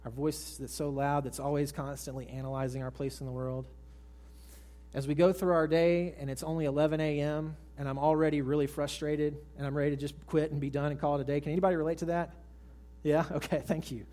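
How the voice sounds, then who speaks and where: At a church service with a congregation, a pastor with a higher male voice preaches a brisk sermon in a level tone, swinging from raised, emphatic lines to hushed, soft ones and putting direct questions to the congregation.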